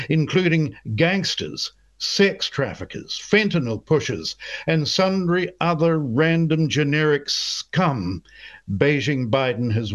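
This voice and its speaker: A man reading scripted political commentary with sneering, ornate insults. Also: fairly high pitch. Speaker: commentary host. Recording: slightly dull, muffled audio.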